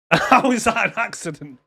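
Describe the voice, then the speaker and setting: A man's voice: high-pitched, expressive, unhurried, vocal fry, sharp tone, husky, no room sound. A man co-hosting a movie podcast in casual, sweary chat, laughing often and acting out characters in silly voices. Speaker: podcast co-host.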